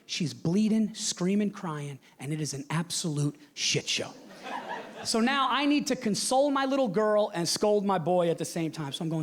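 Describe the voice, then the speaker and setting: A middle-aged man doing a stand-up set on stage, telling a loud, brash story full of swearing and acted-out quotes. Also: high-pitched, brisk. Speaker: stand-up comedian. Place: large theater with live audience. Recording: live show with loud audience laughter. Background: audience laughing.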